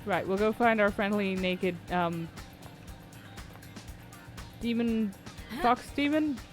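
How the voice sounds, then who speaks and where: Brief: woman streamer, mid-pitched, chatty and wry, faint music under her voice. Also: expressive, slow. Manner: chatty, wry, swears casually. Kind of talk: casual gameplay commentary.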